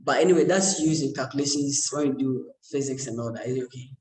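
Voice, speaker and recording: A fast-talking man with a medium-pitched, slightly mellow voice lectures a university class, joking around and checking in with students again and again. The echoey lecture room recording carries a little hiss or hum.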